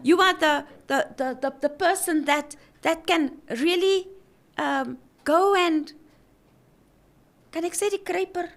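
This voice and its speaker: A woman's voice: very high voice, slow. A woman in casual faith-based chat, earnest and preaching, often repeating her words.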